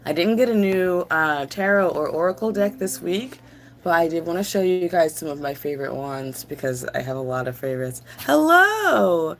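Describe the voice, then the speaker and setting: A woman's voice: low voice, fairly even intonation, brisk, slight background noise. A woman hosting a casual livestream, chatting to viewers while she crafts, giggly and chatty. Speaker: livestream host.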